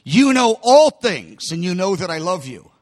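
A preacher acting out Peter, ashamed and halting. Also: male voice, high voice, very animated, long reverb tail. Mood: earnest. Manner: halting, pleading, mumbling at times. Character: Peter, remorseful grown male disciple. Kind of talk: sermon storytelling.

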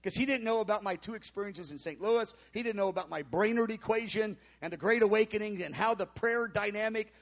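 Animated high-voiced male preacher. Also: fairly quick, few pauses. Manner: animated storyteller, acts out voices with sudden shouts and mutters. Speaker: pastor. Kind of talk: sermon storytelling.

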